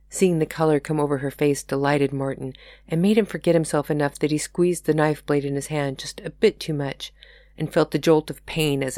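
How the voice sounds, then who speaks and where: A woman podcast host reads her own novel aloud in a steady storytelling voice. The sound is close and dry, with no echo around it. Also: low voice.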